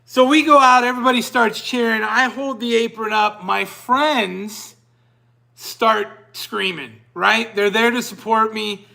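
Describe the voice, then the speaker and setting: A man's voice: high voice, a little slow, creaky. A man hosting a podcast, telling a long personal story in a casual, rambling way and often breaking off mid-sentence. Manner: animated, rambling, self-interrupting. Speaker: podcast host.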